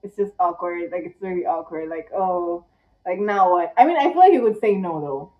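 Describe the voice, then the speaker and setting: A tired young woman vlogging casually in one take, chatty and dramatic, with squeaky rhetorical questions. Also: expressive, normal speed. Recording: echoey room, distant, dull mic.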